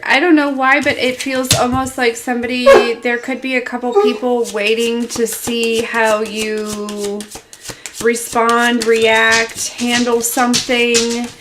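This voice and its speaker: A woman's voice: on the high side, a bit bright, slight background noise. A woman giving a live tarot reading, rambling and hesitant with many fillers. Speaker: tarot reader. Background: dog in the room.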